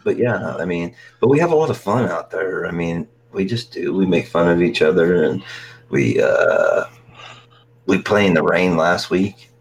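A man with a very low voice co-hosts a casual podcast, spinning teasing stories and laughing often. A faint ambience sits under his voice. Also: animated, moderate pace, gravelly, a little hiss or hum, rough recording. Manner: joking, teasing storyteller who laughs a lot. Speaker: podcast co-host. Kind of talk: casual chat.

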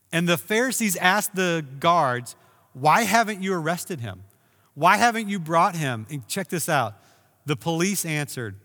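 A man preaching a sermon, telling a story with animated emphasis and raising his voice for key moments. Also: on the high side, in a large hall. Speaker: pastor.

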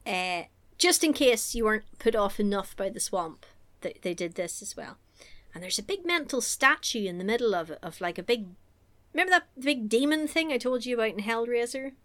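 A woman's voice: fairly high pitch, expressive, brisk, fairly bright tone. A woman from England chatting casually as a podcast co-host, rambling and giggly as she recaps a story. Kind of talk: casual chat.

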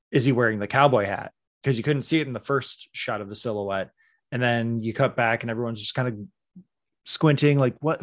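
A man talking casually on a podcast, animated and critical, sometimes slipping into mimicry. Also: medium pitch. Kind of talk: casual chat.

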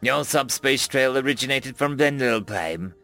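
A man voicing a menacing alien chief hunter with a throaty, croaking voice and cold, formal courtesy. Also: mid-range voice, lively intonation, moderate pace, bright, forceful tone, faint music behind. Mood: coldly polite.

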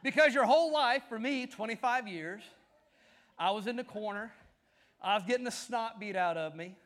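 A man preaching a sermon, telling stories with lively build-ups that rise to shouts. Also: sits high, moderate pace. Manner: animated storytelling, shouting at climaxes. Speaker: pastor.

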